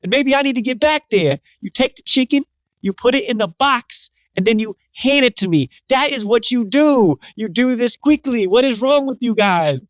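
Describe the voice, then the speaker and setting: A man's voice: extremely high pitch, lively intonation, normal speed, dry recording, voice pushed up. A man voicing a big, impatient tough guy who lectures in an exasperated, raised voice.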